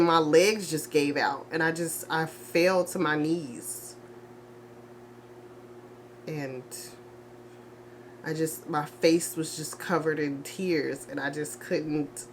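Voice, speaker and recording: A grieving young woman in a confessional vlog, speaking in halting, repetitive bursts with heavy sighs and restarts. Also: sits low, a little hiss or hum. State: grieving, low and emotional. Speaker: vlogger.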